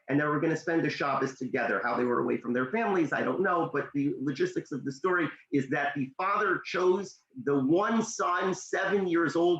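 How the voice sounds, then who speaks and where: Animated man telling a story. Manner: animated storyteller, pitch leaps when excited. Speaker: motivational speaker. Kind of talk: storytelling in a discussion. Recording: echoey room, dull lo-fi sound.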